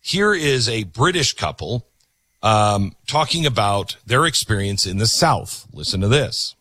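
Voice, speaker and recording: Man, host, lively emphatic commentary, low voice, dry close sound. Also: a little slow, no echo. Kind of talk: commentary on video clips.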